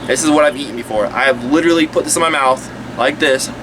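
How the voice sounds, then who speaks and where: A man's voice: medium pitch, fast talker, far from the mic, noisy background. A man chatting casually through a snake-feeding vlog, rambling with jokey asides. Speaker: pet snake vlogger.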